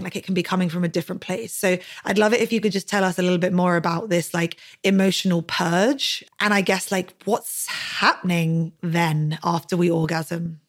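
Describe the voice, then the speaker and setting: A young adult woman hosting a podcast in casual chat. She talks chattily, filling her speech with "like" and swearing freely. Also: lowish voice. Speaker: podcast host.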